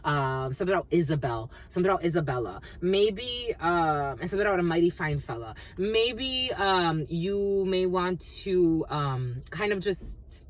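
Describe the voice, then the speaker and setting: A woman's voice: lowish voice, expressive, normal speed, few pauses. A woman giving a collective tarot reading, rambling and free-associating, repeating phrases and swearing freely. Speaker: tarot card reader.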